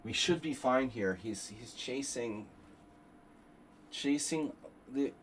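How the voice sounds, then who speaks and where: Male chess streamer, unhurried delivery, muses over variations, faint hum behind. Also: mid-range voice, expressive. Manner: thinks aloud, calculating move lines, rambling asides. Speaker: chess streamer hosting a simul. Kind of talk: live-stream commentary while playing.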